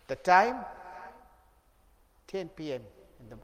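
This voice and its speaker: A man preaching through a moral story in a dramatic way, swinging between loud and soft, with long reverb and faint noise. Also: high voice, very animated, takes it slowly.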